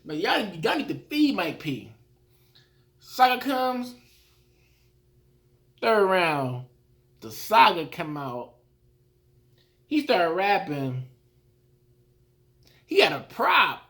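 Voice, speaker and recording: A man giving a casual recap of rap battles, talking in an animated way and acting out his own reactions. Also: high-pitched, extremely slow, pauses often.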